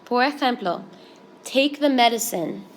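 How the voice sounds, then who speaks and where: A woman teaching a Spanish grammar lesson, explaining each step in a clear, steady way. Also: fairly high pitch, unhurried, slight background noise.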